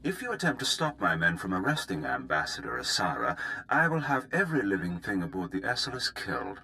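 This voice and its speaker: An actor playing a cold, ruthless Imperial fleet commander in a video game, speaking in a clipped, commanding way. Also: male voice, low voice, wildly swooping pitch, fairly quick, pushed and bright, heavily acted, poor audio. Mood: menacing. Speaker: game character.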